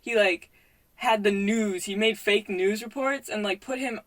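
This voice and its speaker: A woman's voice: medium pitch, measured pace. A young woman co-hosting a casual podcast chat, telling stories in a rambling way full of fillers. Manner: rambling, filler-heavy storytelling. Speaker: podcast co-host.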